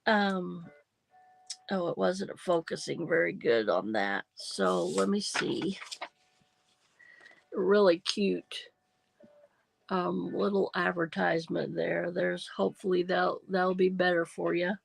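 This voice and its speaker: A woman's voice: fairly low pitch, slow, gravelly, long pauses. A middle-aged woman with a nasal, congested voice, chatting casually on a craft livestream; she rambles, apologizes often, and says um a lot while feeling achy and unwell. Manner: rambling, apologetic, many ums and restarts. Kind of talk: casual livestream chat while junk journaling.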